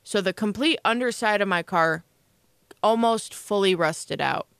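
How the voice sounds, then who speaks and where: A woman's voice: mid-range voice, a little slow, vocal fry, a bit bright, clean tone, dry recording, clean studio sound. A young woman co-hosting a casual chat show, telling a long rambling story with lots of fillers. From Illinois, USA. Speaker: co-host.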